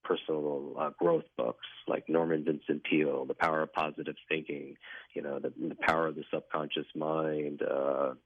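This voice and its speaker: A man's voice: extremely low pitch, level tone, normal speed, no echo. A man telling his personal story as a guest in a radio interview, in an earnest, reflective way. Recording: dry tinny phone line.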